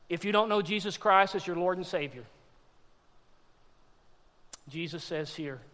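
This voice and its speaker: A man preaches to his congregation with strong emphasis, his voice pitched high for a man. A long reverb trails each phrase, as from a church sanctuary. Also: a bit bright. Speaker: pastor. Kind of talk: sermon.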